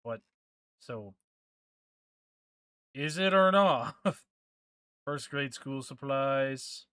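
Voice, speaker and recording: A man's voice: mid-range voice, lively intonation, very slow, sharp tone, clean tone, no echo, clean studio sound. A man streaming a game, chatting casually and trading crude, joking banter with his chat.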